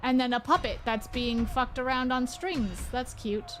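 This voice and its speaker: A woman's voice: on the high side, measured pace, fairly bright tone. A woman streaming a horror game, talking casually with lots of swearing and rambling asides. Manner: chatty, heavy swearing, rambling. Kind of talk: casual let's-play commentary.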